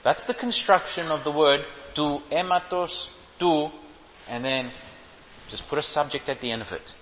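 Heard through long reverb in a lo-fi hall recording, a man with a voice on the high side preaches at normal speed about Greek Bible terms. He hammers home key phrases through repetition and puts questions to the congregation.

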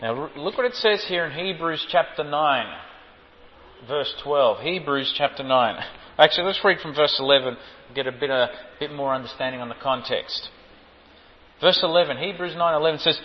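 A man's voice: on the high side, a little fast. A man teaching a sermon on Greek Bible wording, stressing and repeating key phrases and quizzing his listeners. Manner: emphatic, repeats key phrases, asks the audience questions. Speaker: preacher. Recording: lo-fi hall recording, long reverb.

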